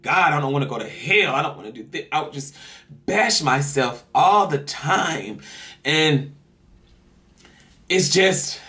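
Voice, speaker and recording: A man's voice: mid-range voice, fairly bright tone. A man giving an earnest, rambling personal monologue as a vlogger, sighing between his thoughts. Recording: somewhat distant mic, faint music.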